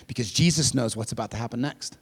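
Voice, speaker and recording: A man preaching a sermon as pastor. He swings between loud, emphatic lines and soft, hushed passages, and speaks straight to his listeners as "friend". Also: medium pitch, quick pace, creaky, breathy edge, in a large hall.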